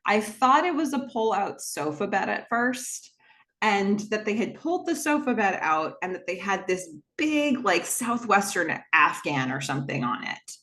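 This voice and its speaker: A woman's voice: medium pitch, very animated, a little slow, a bit bright. Chatty woman recapping a TV episode. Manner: chatty, enthusiastic, acts out quoted dialogue. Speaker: podcast host.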